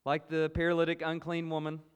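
A man with a Southern US accent preaching a sermon, earnest and emphatic, moving between loud exclamations and hushed asides. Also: on the high side, monotone, fairly quick, smooth, lo-fi sound. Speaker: pastor. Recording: long hall reverb.

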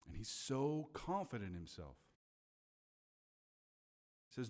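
A man's voice: medium pitch, big pitch swings, slow, long pauses, darkish tone. Conversational preacher man in a reverberant hall. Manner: conversational, checks in with "Okay?". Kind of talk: sermon.

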